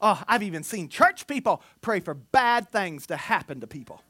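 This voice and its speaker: A preacher giving an animated sermon, telling stories with humor and sometimes slipping into mock voices. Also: mid-range voice, normal speed, dry recording.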